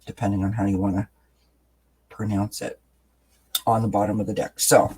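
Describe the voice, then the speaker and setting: A tarot reader does a card reading for his channel, explaining each card calmly and without hurry, using pauses and fillers. His voice is on the low side with a breathy edge, and the recording is rough.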